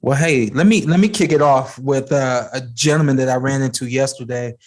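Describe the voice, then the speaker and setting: A man's voice: mid-range voice, fairly quick. A man hosting a podcast, telling a casual story and acting out what people said to him. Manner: storytelling, animated when quoting people. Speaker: podcast host, boxer. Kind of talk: casual chat.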